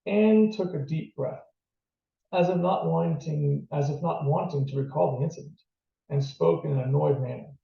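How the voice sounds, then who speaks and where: A man reading his own novel aloud in a plain, steady way with occasional slips, heard from a distance in a roomy space on a dull lo-fi recording. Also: fairly high pitch, normal speed, creaky.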